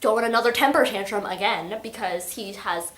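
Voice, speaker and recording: A woman's voice: mid-range voice, a little fast, roomy sound, noisy background. A young woman chatting casually about a book she loves, giggling and acting out lines in little voices. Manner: gushing, giggly, acts out quotes in voices. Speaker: book vlogger. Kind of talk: casual book review chat.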